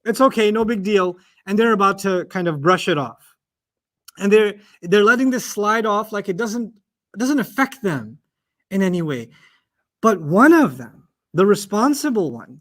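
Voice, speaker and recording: Guy teaching quran, high-ish voice, lively, acts out the lines. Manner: animated, acts out dialogue, rhetorical questions. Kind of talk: Quran lecture.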